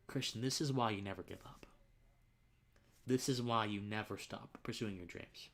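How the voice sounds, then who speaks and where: A man's voice: on the low side, normal speed. A young man hosting his own livestream, telling a personal story in an earnest way. He gets choked up and tearful, and his voice drops to near whispers. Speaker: livestream host.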